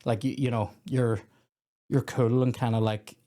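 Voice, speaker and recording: A man's voice: mid-range voice, flat delivery, a little slow, dark tone. A young Scottish man hosting a comedy podcast, chatting casually and joking with a lot of swearing. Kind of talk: casual chat.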